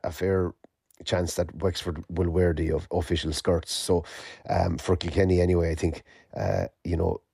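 A man with an Irish accent giving a sports news report on the radio, measured and full of fillers and restarts. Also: low voice, dark tone, no echo, clean studio sound. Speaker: sports correspondent.

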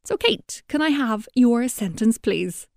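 A woman presenting a children's educational radio segment, animated and encouraging in her teacher-like tone. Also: fairly high pitch, a little slow, vocal fry, dry recording, clean studio sound.

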